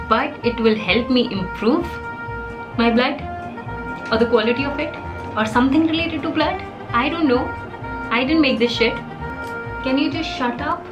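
A young woman with an Indian English accent, answering viewer questions in a playful, sarcastic vlog and mixing in Hindi. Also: sits high. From Palampur, Himachal Pradesh, India. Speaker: YouTuber. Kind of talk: casual Q&A vlog.

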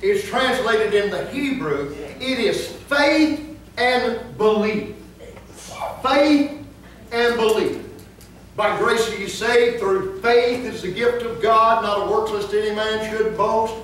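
A man pastor preaching a sermon, telling funny stories and then breaking into emphatic, shouted points. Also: sits high, takes it slowly, a little hiss or hum. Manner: humorous storytelling that rises into emphatic preaching. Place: church sanctuary. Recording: echoey church from far off.

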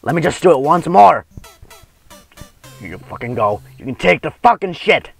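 A man commentating gameplay with a friend, crude and trash-talking, swearing and yelling often. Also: a little high, big pitch swings, moderate pace, creaky, husky, soft background music. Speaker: gamer co-host.

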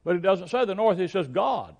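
Older male pastor, slightly high voice, conversational Bible teacher who stumbles and repeats words mid-thought. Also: fast talker, muffled recording. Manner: repeats and restarts words, reads scripture aloud in King James wording.

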